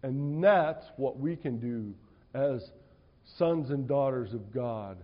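A male preacher delivering a sermon in an animated, conversational storytelling way in a church hall. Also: medium pitch, slow. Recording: dull, reverberant hall sound.

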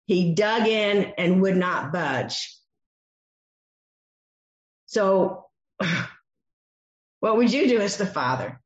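A woman's voice: mid-range voice, expressive, very slow, pauses often. A woman preaching a sermon, teaching from a Bible passage and acting out the voices she quotes. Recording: echoey dull room sound.

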